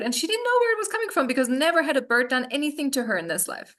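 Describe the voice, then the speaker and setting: Guest: woman healer, confident and emphatic, fairly high voice, casual video-call chat. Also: sing-song, fast, few pauses, noisy background. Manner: confident, emphatic, laughs easily. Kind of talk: casual podcast conversation.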